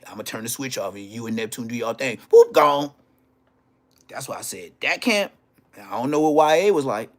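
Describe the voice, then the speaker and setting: A man telling profane, animated stories from his school days on a casual livestream, laughing as he goes. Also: medium pitch, brisk. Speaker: livestream host. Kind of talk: casual storytelling.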